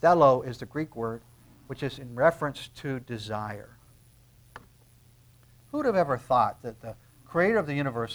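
This medium-pitched pastor preaches as if in conversation, dramatizing brief exchanges. His delivery shifts from soft asides to forceful emphasis.

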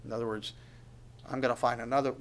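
A man's voice: medium pitch, level tone, fast talker. A man preaching a sermon in a conversational way, asking questions of the congregation and at times dropping to a near whisper. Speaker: pastor.

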